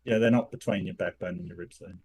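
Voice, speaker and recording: A man rebutting in a debate, animated and joking. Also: low voice, quick pace, breathy edge.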